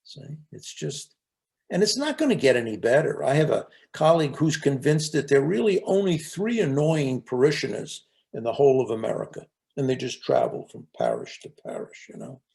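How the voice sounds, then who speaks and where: An older man with a gravelly edge talks on spiritual life in an earnest storytelling way, his pitch rising and falling in a lively way. He often stumbles over a word as he starts a thought. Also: brisk, hardly any pauses. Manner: earnest, storytelling, repeats words when starting. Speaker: speaker on resilience and spiritual life. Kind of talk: reflective talk with anecdotes.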